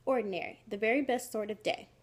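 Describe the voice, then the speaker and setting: A woman's voice: on the high side, lightly acted. A woman voicing a polite, formal father in a children's story. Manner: measured, formal.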